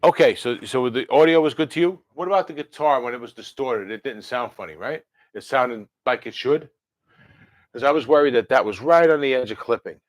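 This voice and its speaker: A man's voice: mid-range voice, expressive, fairly quick, no room sound. Brief: man, rambling livestream host, dry close mic. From New Jersey. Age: 50s. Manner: rambling and chatty, with many fillers and self-corrections. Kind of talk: casual livestream chat answering viewer comments.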